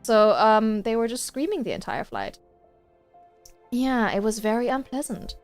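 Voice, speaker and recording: Woman streamer, casual gaming chat, high voice, exasperated storytelling, faint music behind. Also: a little slow, dry recording. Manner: animated, exasperated storytelling with swearing.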